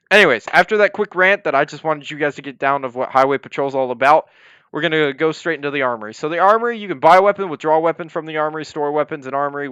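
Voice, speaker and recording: A young man rambles through a casual game walkthrough, full of fillers and little apologies. His voice is smooth and clear, recorded close and dry with a slightly dull, lo-fi tone. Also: mid-range voice, fairly bright tone, dry recording. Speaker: roleplay server police department leader.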